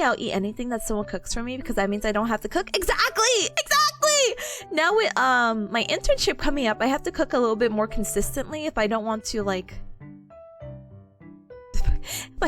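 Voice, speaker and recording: A woman in her twenties streaming, chatting casually with viewers, giggling often and reading chat aloud. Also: on the high side.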